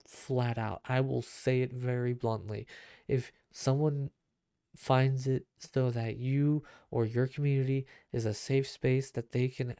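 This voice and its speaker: Earnest, blunt young man, dark and smooth. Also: mid-range voice, dry recording, studio quality. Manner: earnest and blunt, grows heated with frequent fillers and restarts. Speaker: podcast host and streamer. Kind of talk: casual solo podcast talk.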